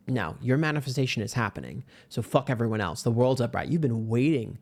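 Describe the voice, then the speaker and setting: A man reads tarot cards in a loose, chatty way, at a middle pitch for a man. He is brash and sassy and swears freely. His voice leaps high whenever he wants to hammer a point home. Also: animated, fairly quick, creaky, few pauses, darkish tone. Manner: swings into sudden high-pitched emphasis. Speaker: tarot reader. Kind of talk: casual pick-a-card tarot reading.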